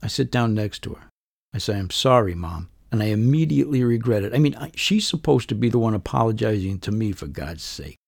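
A middle-aged man narrates a first-person story as a podcast host, wry and conversational. His voice is low, gravelly and husky. The recording is dry and close. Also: lively intonation, brisk, a little mellow, dry recording.

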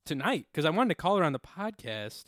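A man's voice: a little high, sing-song, brisk, a bit bright, no room sound, studio quality. A young man co-hosting a casual podcast, swearing freely and acting out quoted voices as he tells stories. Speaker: podcast co-host.

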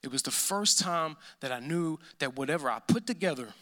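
A pastor delivering a sermon, emphatic and repeating phrases, often dropping to a hushed, intense tone. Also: male voice, fairly high pitch, expressive, moderate pace.

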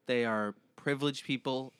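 A man's voice: medium pitch, fairly even intonation, moderate pace, fairly bright tone, clean tone, dry recording. A man co-hosting a comedy podcast who sounds exasperated and defensive and swears often. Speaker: podcast co-host. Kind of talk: comedy banter.

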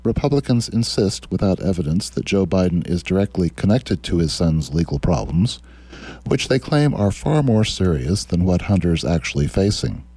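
A man's voice: sits low, expressive, moderate pace, dark tone, husky, no room sound. A man hosting a radio talk show, reading quotes aloud and answering them with sardonic, mocking political commentary. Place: radio studio.

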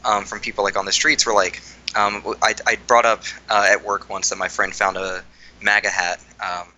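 A young adult man co-hosting a podcast, chatting about politics with many fillers and halting restarts. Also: fairly low pitch, level tone, bright, forceful tone, slight background noise, rough recording. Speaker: podcast co-host. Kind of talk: casual political chat.

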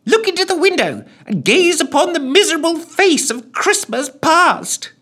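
A shrill, bellowing ghost. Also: male voice, sing-song, moderate pace, fairly bright tone, heavily acted. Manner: pompous, loses confidence, then snaps. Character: loud shrieking bungling male ghost of Christmas past. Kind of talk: comic storytelling.

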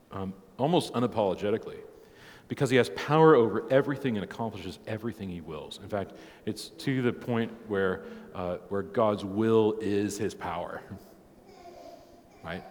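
A man's voice: fairly low pitch, big-room sound, slight background noise. A man in his thirties teaching a church catechism class in a casual, joking way, laughing often and peppering his talk with "like" and "right". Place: church hall.

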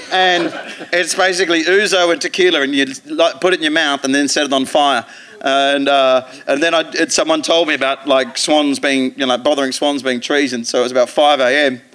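Bright, high Australian man, rowdy storyteller. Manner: rowdy, sweary, laughing through his story. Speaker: comedian guest. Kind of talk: live comedy podcast anecdote. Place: theatre stage before an audience.

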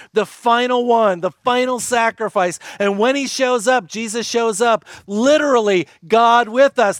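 A man with a high-pitched voice preaches a sermon in an earnest, emphatic way. He slows and drops his voice low for key phrases. The sound is dry and close, with no room echo. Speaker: pastor.

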